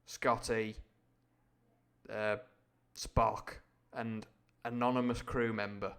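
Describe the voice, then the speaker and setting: A man's voice: lowish voice, level tone, slow, a bit bright, smooth. A man reading a classic adventure novel on a live stream, breaking off often for playful, irreverent explanations. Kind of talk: book reading with chatty asides.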